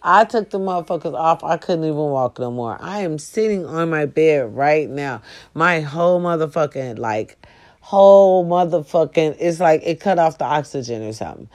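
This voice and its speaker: A woman sitting on her bed, in pain, telling a profane, animated story straight to her viewers. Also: low-pitched, normal speed. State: sore, in pain. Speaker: vlogger. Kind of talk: casual storytelling vlog.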